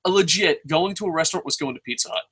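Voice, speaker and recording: A young man from New Jersey giving a rambling, excitable wrestling review, swearing constantly and poking fun at himself. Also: on the high side, fast, slightly rough. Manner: excitable, rambling, heavy swearing, self-mocking. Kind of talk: casual profane review rant.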